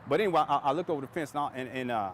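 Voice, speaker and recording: A man's voice: medium pitch, rapid-fire, fairly bright tone, a little hiss or hum. A man telling a story in a conversational, rambling vlog from outdoors, often repeating himself.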